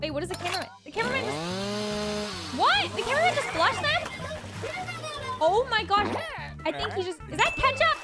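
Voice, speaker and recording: A woman's voice: very high voice, very animated, brisk, pauses often. A young woman hosting a reaction video, exclaiming, gasping and laughing as she comments. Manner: exclaims, gasps and laughs often. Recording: loud music behind.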